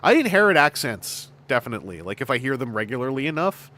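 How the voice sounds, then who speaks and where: A man's voice: mid-range voice, very animated, quick pace, sharp tone. A man hosting a podcast, chatting casually in a rambling, joking way. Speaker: podcast host. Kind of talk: casual chat.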